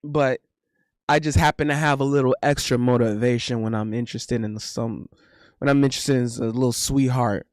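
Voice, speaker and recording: A man's voice: mid-range voice, steady tone, normal speed, dry recording. A young man hosting a live stream, chatting casually in a loose, repetitive, slangy way on a close desk mic. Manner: loose, repetitive, swears, says bro a lot. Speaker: streamer host.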